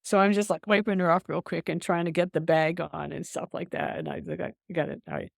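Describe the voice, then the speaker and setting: An older woman, a veteran emergency nurse, telling stories from her career in a casual podcast interview, lively and quick to laugh. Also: fairly low pitch, vocal fry, no echo, studio quality. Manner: animated storyteller, breaks into laughter, many restarts.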